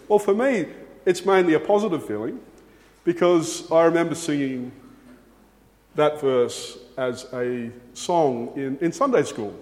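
Emphatic preacher in an echoing hall. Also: male voice, on the high side, a little mellow. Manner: earnest, emphatic, repeats key words for stress. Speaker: pastor. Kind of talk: sermon.

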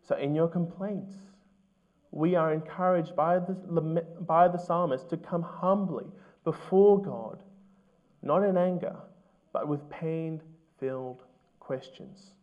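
A man preaching a sermon as pastor, earnest and measured, asking his listeners questions. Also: fairly high pitch, narrow, tinny audio.

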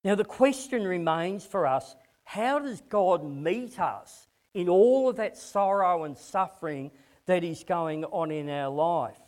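A man's voice: high-pitched, lively intonation, slow, a little mellow. A man preaching a conversational sermon to a congregation, often repeating words as he starts a phrase.

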